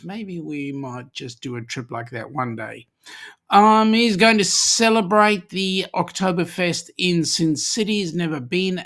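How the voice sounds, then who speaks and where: A man's voice: sits high, fairly bright tone. A middle-aged Australian man hosting a casual live-stream chat, joking and reading viewers' comments aloud. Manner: chatty, jokey, reads comments aloud.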